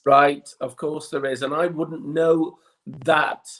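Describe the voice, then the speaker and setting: A man's voice: fairly high pitch, little pitch movement, slow pace, fairly bright tone. A man with a Liverpool accent, a guest chatting casually in an interview with many little restarts. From Liverpool, England. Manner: chatty, frequent restarts and ums. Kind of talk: relaxed interview chat.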